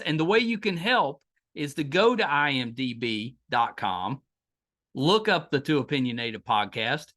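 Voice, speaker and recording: A middle-aged man with a West Virginia accent hosts a casual podcast chat. His pitch is a little high and swings widely as he talks. He sounds enthusiastic, often restarting his sentences. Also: bright, forceful tone. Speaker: podcast host.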